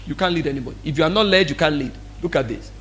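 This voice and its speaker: A man preaching a sermon as pastor, animated and acting out what people say. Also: on the high side, racing. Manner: animated, acts out quoted speech.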